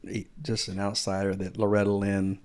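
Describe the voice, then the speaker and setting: A man's voice: fairly low pitch, flat delivery, normal speed, a little mellow. A man co-hosting a podcast, easygoing and telling stories in casual chat. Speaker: podcast co-host.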